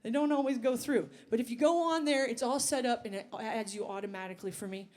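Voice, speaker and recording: A woman's voice: a little high, quick pace, darkish tone. A woman singer and bandleader talking to the crowd between songs, chatty and rambling, on an outdoor festival stage.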